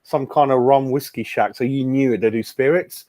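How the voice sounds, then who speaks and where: A man's voice: medium pitch, moderate pace, a little mellow, no room sound. A man chatting casually as co-host of a football fan show, rambling and calling people mate. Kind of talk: casual chat.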